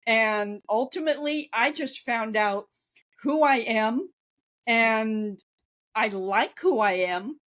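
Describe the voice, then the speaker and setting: Woman, fifties, interview guest, higher voice, slow deliberate pace, chatty, candid. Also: a bit bright. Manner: chatty and candid, with easy laughter. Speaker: guest, author and former ghostwriter. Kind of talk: conversational interview.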